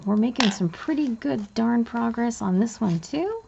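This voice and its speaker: Bubbly woman with a gravelly edge. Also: a little high, normal speed, dull audio, background noise. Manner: bubbly, chatty, easily excited. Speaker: budgeting vlogger. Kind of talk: casual cash envelope walkthrough.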